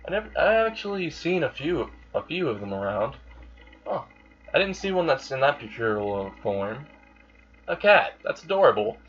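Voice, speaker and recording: A man's voice: on the high side, big pitch swings, moderate pace, fairly bright tone, husky, pitched above the performer's own voice, full character voice. Laid-back young hero, as a man puts him on. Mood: amused. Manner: offhand and chatty. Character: casual, helpful young male hero. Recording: dull lo-fi sound.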